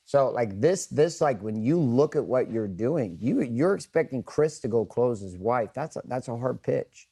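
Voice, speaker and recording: Leading a group session, a middle-aged man speaks candidly in a medium-pitched, dark voice with a breathy edge, lively intonation, normal speed and few pauses. He is blunt, earnest and profane, repeatedly asking the room questions and calling for raised hands.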